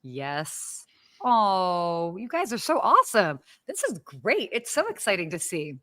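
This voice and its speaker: A woman's voice: lowish voice, wildly swooping pitch, unhurried, bright, forceful tone, no room sound. Bubbly woman co-hosting from home. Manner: bubbly, exclamatory, many fillers. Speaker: podcast co-host. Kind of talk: casual live-stream chat. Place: home apartment.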